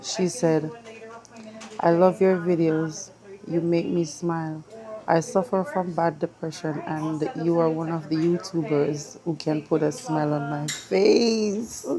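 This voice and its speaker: A woman's voice: on the low side, warm tone. Emotional woman vlogging. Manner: emotional, mixes in patois. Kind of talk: casual vlog chat. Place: dentist's waiting room.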